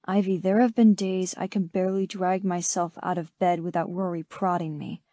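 A haunted young ex-pilot speaks low and halting, his voice deep and cracked, as a woman narrator reads him. The tone is dark and mellow, recorded dry and close with no room around it. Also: flat delivery, no echo, close to an everyday voice. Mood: pained. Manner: halting, pained. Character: gruff wounded male ex-pilot, young adult. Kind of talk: audiobook character voice.

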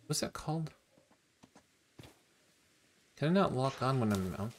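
A man streaming a video game, talking casually and getting excited about each new find. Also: medium pitch, unhurried. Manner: excitable, gasping and laughing at new discoveries. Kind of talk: casual gameplay commentary.

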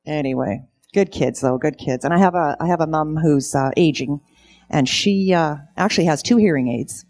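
A woman's voice: low voice, moderate pace, a little mellow. A middle-aged woman telling stand-up comedy stories on stage, in a dry storytelling way. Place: event stage.

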